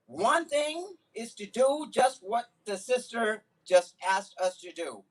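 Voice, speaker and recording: A man with a very high-pitched voice delivers an earnest community speech. He builds to forceful, repeated emphatic lines. His voice is picked up from some distance away from the microphone. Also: lively intonation, unhurried, few pauses. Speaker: community speaker at a solidarity event. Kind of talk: impassioned public speech with personal stories. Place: Islamic center event.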